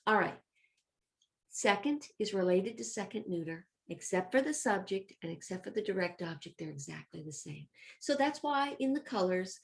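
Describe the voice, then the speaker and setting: Speaking in a mid-range voice, a woman leads kids through a recorded Latin review. Her manner is cheerful and supportive as she talks to them directly and chants the word forms to a beat.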